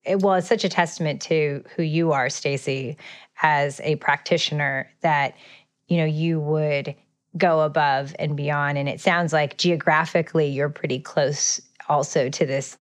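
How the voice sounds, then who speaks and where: A woman's voice: low voice, steady tone, a little slow. A woman hosting a podcast interview, asking questions in a casual, teasing way. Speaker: podcast host.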